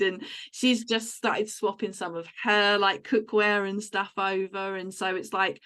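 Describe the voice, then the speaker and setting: A woman hosts a relaxed podcast conversation in a mid-range voice. She is chatty and tells long, wandering stories about her household, with plenty of filler words. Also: mid-range voice, moderate pace, hardly any pauses. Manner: chatty, tells rambling home anecdotes. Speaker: podcast host. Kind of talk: casual chat.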